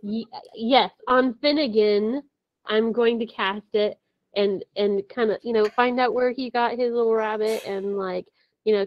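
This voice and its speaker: A woman's voice: a little high, steady tone, measured pace, dry recording, lo-fi sound. A woman playing in a tabletop game, chatty and giggly. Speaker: player. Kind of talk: casual tabletop play.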